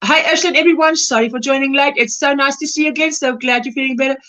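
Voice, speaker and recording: A woman's voice: high-pitched, fairly even intonation, fast talker, bright, forceful tone, rough recording. A South African woman hosting a crochet livestream, chatting casually and reading out and greeting viewers' comments by name.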